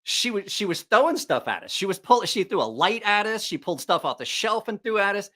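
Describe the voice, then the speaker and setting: A man's voice: high voice, big pitch swings, brisk, pushed and bright. A middle-aged man hosting a live stream, telling a rambling, profane story with lots of laughter. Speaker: livestream host.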